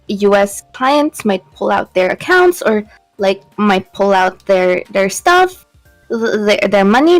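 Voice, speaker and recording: A woman's voice: mid-range voice, no echo, low-quality recording. A woman in her twenties with a Filipino accent, a streamer co-host in casual chat that mixes English and Tagalog, often restarting her words and getting emotional. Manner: halting, repeats words, emotional.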